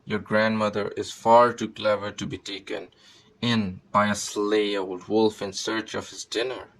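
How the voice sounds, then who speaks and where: A man voicing a brave father in a storybook reading, speaking calmly and reassuringly. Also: lowish voice, measured pace, a little hiss or hum, low-quality recording. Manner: calm, reassuring. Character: brave comforting father with crossbow.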